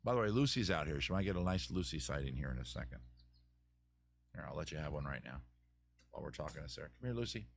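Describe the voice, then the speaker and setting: A man's voice: extremely low pitch, lively intonation, fast talker, creaky, long pauses. A man hosting a live advice stream, chatting casually and joking as he thinks aloud with many restarts.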